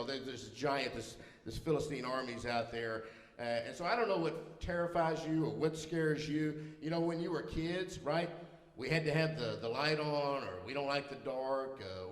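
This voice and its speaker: A middle-aged man preaching a humorous sermon in a church, telling self-deprecating personal stories in a folksy manner. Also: mid-range voice. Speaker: pastor. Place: church sanctuary. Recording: roomy church hall reverb.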